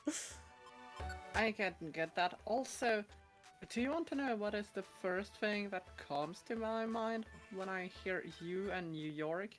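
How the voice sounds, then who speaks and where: A woman's voice: medium pitch, unhurried, faint music behind. A woman chatting casually on a stream, playful and teasing, with some swearing. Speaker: co-streamer guest. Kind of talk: casual chat.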